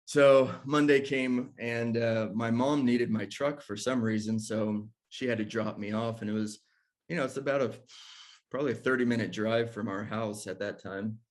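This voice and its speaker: A man's voice: mid-range voice, moderate pace. A man casually telling a personal story, acting out what people said and laughing between lines. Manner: animated storyteller who acts out quotes and laughs between lines. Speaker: ministry discussion guest telling a personal story.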